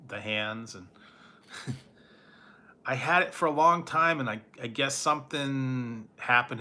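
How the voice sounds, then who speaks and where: Reading live chat in a casual conversation, a food reviewer speaks with a medium-pitched, sharp-toned voice. He rambles in a nostalgic way, trails off and picks back up, and chuckles a lot between remarks.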